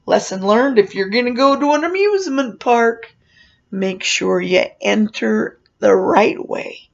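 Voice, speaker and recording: A woman telling a lively personal story, acting out the people in it with animated voiced quotes. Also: fairly high pitch, measured pace, gravelly. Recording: slightly dull lo-fi recording.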